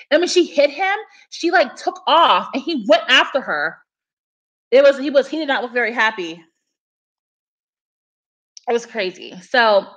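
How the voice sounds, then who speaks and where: A woman's voice: sits high, a bit bright. A young woman chatting casually on a livestream, telling a story in a rambling way full of fillers. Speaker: livestream host.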